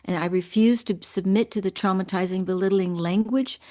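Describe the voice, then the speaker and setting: A woman in her sixties speaks as an interview guest, earnest and measured. She tells her own story with feeling at a steady middle pitch. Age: 60s. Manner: earnest, measured, emotional at times. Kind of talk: interview, personal account.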